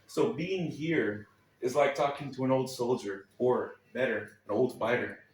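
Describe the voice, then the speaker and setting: A man's voice: mid-range voice, unhurried, darkish tone. Wry man reading in an echoey room. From Texas, United States. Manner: wry, sardonic delivery with dry asides. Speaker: spoken-word performer. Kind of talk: reading a personal essay aloud at a live club night. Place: small club stage, live reading. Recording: echoey room, voice a little far from the mic.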